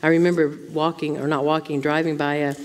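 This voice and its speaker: A woman's voice: low-pitched, flat delivery, brisk, long reverb tail. A woman Bible teacher speaking to a women's conference in an informal sermon style, often asking rhetorical questions. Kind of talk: conversational sermon. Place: church.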